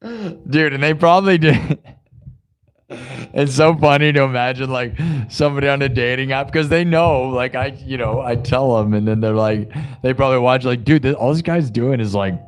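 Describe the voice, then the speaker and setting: A man's voice: mid-range voice, steady tone, moderate pace, smooth. Rambling, laid-back young man streamer. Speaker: live-stream musician host. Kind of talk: casual rambling chat.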